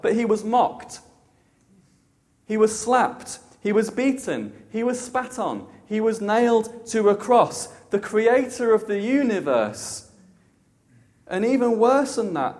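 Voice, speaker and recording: A man preaching a sermon with an emphatic, repetitive cadence, dropping soft and low for reverent passages. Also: long reverb tail.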